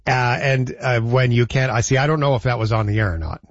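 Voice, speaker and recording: A male radio host in casual, playful banter, chatty and quick to laugh. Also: medium pitch, dry recording, muffled recording.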